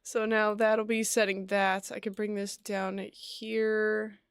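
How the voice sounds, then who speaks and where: A woman's voice: medium pitch, flat delivery, slow, clear, resonant tone, no room sound, clean studio sound. A woman streamer chatting casually with her viewers while she codes, half muttering to herself as she works. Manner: muttering to herself while working, then bursting into laughter. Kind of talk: casual live-stream chat while coding.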